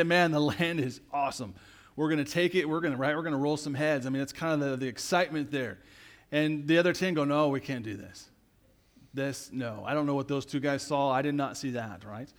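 A man preaching a sermon as pastor, in a conversational way, tagging his points with "right?" and swinging between loud emphatic passages and quiet low asides. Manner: conversational preaching with frequent "right?" tag questions.

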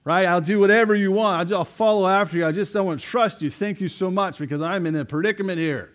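A man's voice: sits high, fast, voice pushed up, close to an everyday voice. A man acting out a desperate young man hanging from a cliff, pleading and eager, inside a sermon story. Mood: relieved.

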